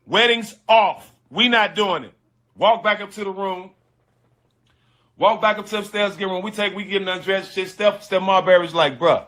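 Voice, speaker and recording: A man tells a personal story in loose, slangy talk, repeating key phrases for emphasis and stumbling over restarts. His voice sits a little high and sounds bright and forceful. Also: fairly even intonation, normal speed. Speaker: storyteller guest. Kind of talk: casual storytelling.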